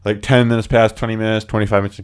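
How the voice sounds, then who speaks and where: Low-voiced man telling spooky stories casually. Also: racing, clean tone. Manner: animated, acts out quoted voices, lots of filler words. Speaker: podcast host. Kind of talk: casual storytelling chat.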